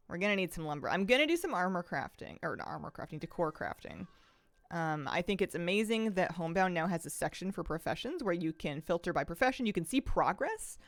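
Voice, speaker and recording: A woman's voice: fairly low pitch, sing-song, fairly quick, no echo. A woman from the Pacific Northwest streaming a game, chatting casually and rambling, with a slight lisp and frequent sighs. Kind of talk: casual chat while gaming.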